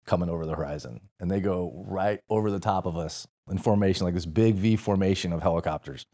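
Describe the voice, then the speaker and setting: A man from St. Louis tells a war story on a podcast in a deep, low-pitched voice. He sounds tired, but he keeps things animated, profane and full of laughs. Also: fast. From St. Louis, USA. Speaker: podcast guest, former Marine. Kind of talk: casual storytelling.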